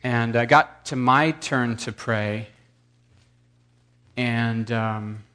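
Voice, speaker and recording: A man's voice: medium pitch, extremely slow, pushed and bright, smooth. A man in his thirties telling a rambling, self-deprecating story to a congregation. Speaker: preacher.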